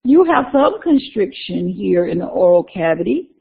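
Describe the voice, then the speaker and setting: A woman's voice: lowish voice, very animated, normal speed, creaky, slightly rough. A woman instructor giving a conversational recorded lecture, repeating key terms and talking through her slides. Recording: tinny phone-like lecture recording.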